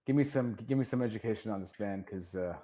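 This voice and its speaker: A man's voice: fairly low pitch, quick pace, warm tone. A man co-hosting a podcast, talking in a laid-back, casual way with some cursing. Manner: laid-back, says dude and curses casually. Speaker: podcast co-host. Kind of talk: casual chat.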